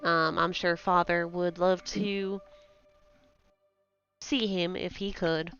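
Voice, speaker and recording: A woman's voice: fairly low pitch, little pitch movement, takes it slowly, a bit bright, smooth, soft background music. A woman voicing a young noble sister reading her sorrowful letter aloud, with a Southern accent. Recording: dull lo-fi sound.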